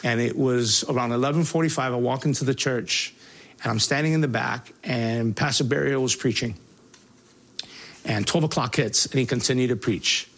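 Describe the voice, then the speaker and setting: A man giving a spoken personal testimony, halting and earnest, with many restarts and fillers. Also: medium pitch, fairly bright tone. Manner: voice rises sharply when reliving angry moments.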